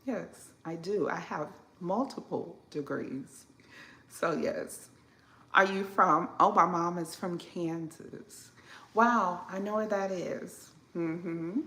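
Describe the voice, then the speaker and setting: A woman from southern Illinois hosting a casual live stream from her home kitchen, unhurried and chatty as she answers viewers with plenty of fillers. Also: on the low side, a bit bright, echoey room. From southern Illinois, Midwest.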